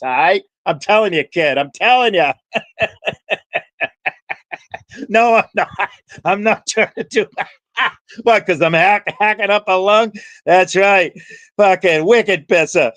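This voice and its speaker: A man's voice: sits high, a bit bright, dry recording. Profane, rambling New man. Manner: profane, jokey, chatting with viewers by name. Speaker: livestream host. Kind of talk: rambling livestream chat with viewers.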